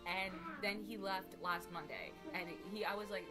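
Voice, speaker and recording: A woman's voice: medium pitch, normal speed, over loud music. A woman streamer chatting casually to her viewers, rambling and emphatic, with casual swearing. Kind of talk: casual live stream chat.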